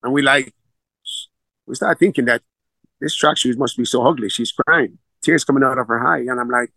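A middle-aged man, a football coach telling stories in a conversational, animated way, repeating words and laughing as he goes. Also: medium pitch, normal speed, vocal fry, no echo. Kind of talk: conversational storytelling.

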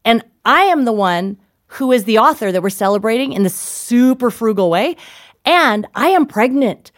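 A woman guest in an interview, an author telling animated stories with frequent laughter. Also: fairly high pitch, normal speed, no room sound, studio quality. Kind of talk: interview storytelling.

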